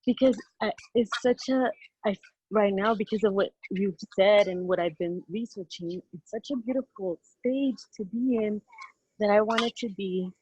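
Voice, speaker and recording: A woman in her forties, a workshop participant asking a question with hesitant, halting restarts. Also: medium pitch, a little mellow, lo-fi sound. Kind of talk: casual question. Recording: clear background noise with clicks.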